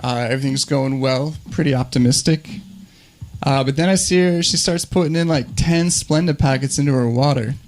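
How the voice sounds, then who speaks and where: A male comedian telling a comedy story with a dry, deadpan delivery. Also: mid-range voice, moderate pace. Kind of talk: stand-up storytelling.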